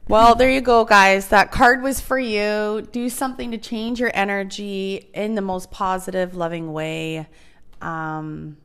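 A woman's voice: mid-range voice, fairly even intonation, unhurried, fairly bright tone, clear, resonant tone. A woman hosting a casual chat, enthusiastic and swearing freely. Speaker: podcast host.

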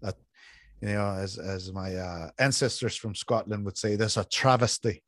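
A middle-aged man from California chatting casually as a podcast host, telling stories with big swings in pitch and cursing when annoyed. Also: normal speed, no echo. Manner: animated storyteller, swears freely, jumps in pitch when riled up. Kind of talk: casual chat.

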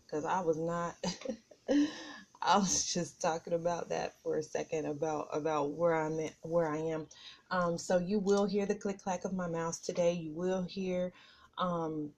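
Hosting a casual podcast at her computer in a home office, a middle-aged woman talks about personal things, rambling with many fillers. Her voice is fairly low and a little mellow, and nerves leave her nervous and out of breath.

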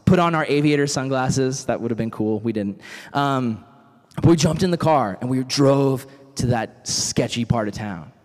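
A young man giving a casual, animated youth sermon full of stories and acted-out quotes. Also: medium pitch, normal speed. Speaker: youth speaker. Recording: reverberant hall.

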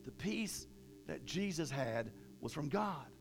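A man preaching a sermon in a conversational way, repeating himself and growing louder when he presses a point. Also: a little high, animated, slow, gravelly, soft background music. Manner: conversational preaching, rising and louder when emphatic, with repetitions and restarts.

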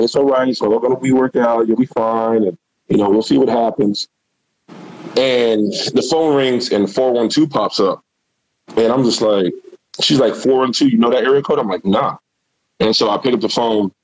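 Man, husky voice, dry close sound, rambling animated storytelling, casual swearing. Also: on the low side, dry recording, rough recording. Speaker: guest, former football player.

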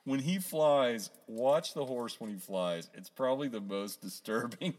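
A man co-hosting a podcast, chatting casually and laughing often as he retells a cartoon with animated energy. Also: medium pitch, measured pace. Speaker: podcast co-host. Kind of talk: casual chat.

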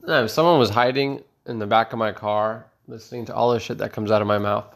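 A man's voice: fairly low pitch, steady tone, fairly quick, vocal fry. A man doing rambling, profane stand-up comedy, telling self-mocking stories.

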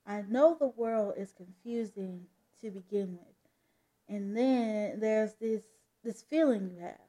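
A woman voicing a gentle adoptive mother who speaks softly and reassuringly in a comic book read-aloud. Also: mid-range voice, takes it slowly. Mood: soothing. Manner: soft, reassuring.

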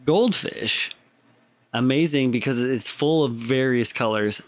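A man's voice: mid-range voice, a little slow, no room sound. A man co-hosting a podcast, teasing and joking in casual banter. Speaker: podcast co-host.

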